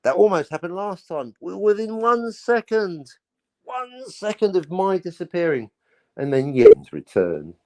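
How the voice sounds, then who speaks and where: A man's voice: high-pitched, unhurried, no room sound. A man co-hosting a podcast, filling time with playful, jokey banter in a casual chat. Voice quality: playful, jokey, lively delivery. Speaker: podcast co-host. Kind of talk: casual chat, joking monologue.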